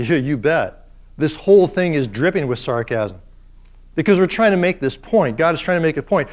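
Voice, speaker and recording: Animated, high-pitched male professor. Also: fairly quick. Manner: animated, playfully sarcastic rhetorical questions. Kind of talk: classroom lecture.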